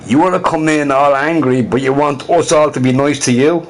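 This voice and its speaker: A man's voice: fairly high pitch, moderate pace, slight background noise. A man hosting a casual livestream, talking heatedly to his chat and repeating his points. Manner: talks to chat viewers directly; heated, scornful. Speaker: livestream host.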